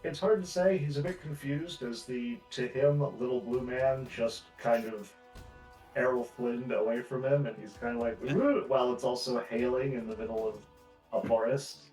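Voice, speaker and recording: A man's voice: mid-range voice, steady tone, moderate pace, a little mellow. Man game master, roomy distant sound. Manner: descriptive, chuckles while narrating. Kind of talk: narrating a tabletop game. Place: home streaming setup. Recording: roomy distant mic with faint music.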